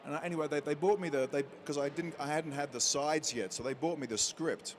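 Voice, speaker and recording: A man being interviewed as an actor, telling an anecdote in a lively way and acting out the people in it. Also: on the high side, fast, hardly any pauses, a little hiss or hum. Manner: lively storyteller who acts out quotes.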